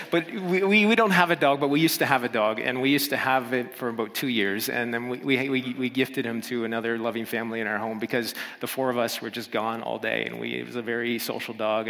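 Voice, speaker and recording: Playful pastor preaching in a reverberant hall. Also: male voice, medium pitch, fairly bright tone. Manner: casual, playful, repeats himself, acts out voices. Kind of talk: sermon. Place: church. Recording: long church hall reverb.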